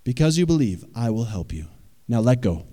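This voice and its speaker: A man voicing a heavenly voice from the sky, asking patient, measured questions. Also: mid-range voice, sing-song, dark tone, big-room sound, natural voice. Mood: calm questioning. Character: calm divine voice from the sky.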